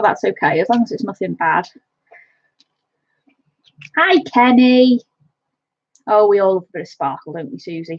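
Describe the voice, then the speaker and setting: A woman's voice: medium pitch, husky, no echo. A woman colouring on a live stream, chatting fondly and greeting viewers by name. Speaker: livestream colouring host. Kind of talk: casual live-stream chat while colouring. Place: home. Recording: dull, lo-fi home stream audio.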